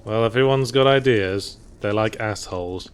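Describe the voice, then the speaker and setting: A man's voice: lowish voice, moderate pace, clear, resonant tone. A man co-hosting a casual gameplay chat, dry and sardonic with wry quips. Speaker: co-host.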